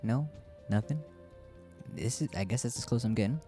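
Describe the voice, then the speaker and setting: A man's voice: mid-range voice, fairly quick, pauses often, warm tone, faint music behind. A man casually chatting through a game he is streaming, rambling and joking about himself. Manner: chatty, rambling, self-deprecating. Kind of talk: casual gameplay commentary.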